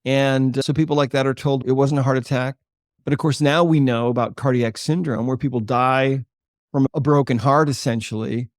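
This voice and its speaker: An older man, a holistic chiropractor, explaining his work and telling a patient story in a podcast interview with a measured, earnest delivery. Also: medium pitch, steady tone, no room sound, studio quality. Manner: earnest, measured explainer who slows for emphasis.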